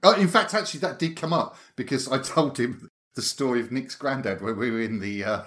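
A man's voice: mid-range voice, brisk, fairly bright tone. A man, co-hosting a podcast in casual chat and telling anecdotes with frequent laughter. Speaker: podcast co-host.

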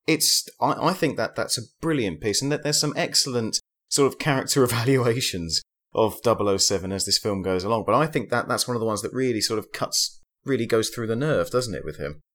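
A man's voice: medium pitch, lively intonation, brisk, a bit bright. A man hosting a casual film chat, talkative and steering the talk with questions to his co-hosts. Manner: chatty, laughs between points, asks co-hosts questions. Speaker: podcast host.

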